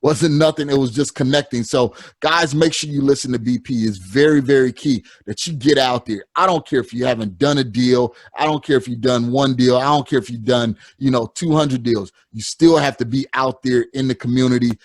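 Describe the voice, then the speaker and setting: Male podcast host, earnest and repetitive, mid pitch, dry sound. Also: fairly quick, few pauses, no echo. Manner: earnest, repeats himself, gives short "yep" backchannels. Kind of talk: casual chat.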